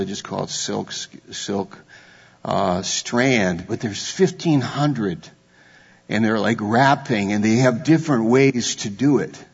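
A man's voice: mid-range voice, a bit bright. A man preaching a sermon, asking the listeners question after question and building to fervent exclamations. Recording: echoey hall, dull lo-fi sound.

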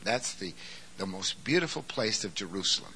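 A man preaching a sermon, swinging from quiet explanation to shouted emphasis. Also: on the low side, sing-song, moderate pace, a little hiss or hum, rough recording.

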